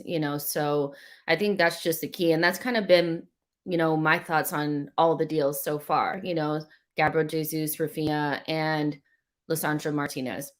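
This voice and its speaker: Low-voiced woman, casual football chat. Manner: relaxed, giggly, conversational. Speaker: football podcast co-host.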